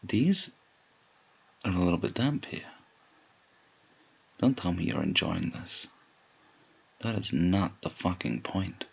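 A man in a whispered role-play, speaking in a slow, low murmur with a commanding, teasing manner. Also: animated, creaky, a little mellow, breathy edge, lo-fi sound.

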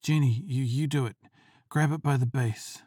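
Woman doing a drunk bossy guy, low dark husky mumble. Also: steady tone, moderate pace, no echo, clean studio sound. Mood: drunk demanding. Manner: low, slurred, commanding. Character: drunk demanding man, the master.

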